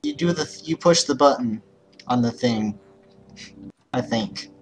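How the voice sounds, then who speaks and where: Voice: medium pitch, unhurried, slight background noise. A young adult chatting casually during an online game, playful and giggly. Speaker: gamer. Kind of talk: casual gaming chat.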